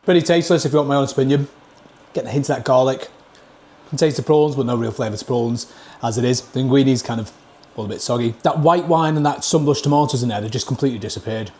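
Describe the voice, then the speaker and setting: A man's voice: mid-range voice, fast, a little mellow. Man, Northern English accent, blunt plain talk, casual food vlog, camera mic at a table. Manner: blunt, plain-spoken, scores each dish out of ten. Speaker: food reviewer.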